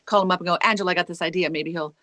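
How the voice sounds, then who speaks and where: A woman singer-songwriter, a guest in an online interview, tells stories casually and animatedly on a lapel mic, acting out what people said and laughing. Her voice is on the low side and rapid-fire, recorded dry.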